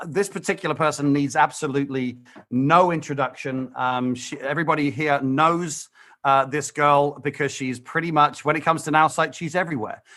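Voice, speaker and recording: A man hosting a conference call, introducing the next speaker with halting, warm praise and many fillers. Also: medium pitch. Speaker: event host.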